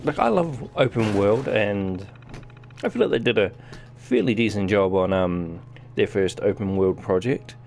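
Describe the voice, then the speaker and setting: A man's voice: fairly low pitch, expressive, a little slow, creaky, a little mellow, a little hiss or hum. A man with a New Zealand accent giving casual live-stream commentary while playing a game, chatting to his viewers as he goes. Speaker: gaming streamer.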